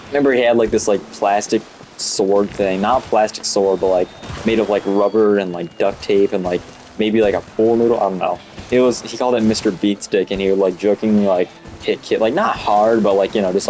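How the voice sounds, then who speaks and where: A man's voice: lowish voice, a little mellow, slight background noise. A young man in his late teens telling rambling, profane school stories in a casual way while playing a video game. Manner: rambling, profane, full of fillers like "you know" and "like". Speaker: student gamer talking while playing.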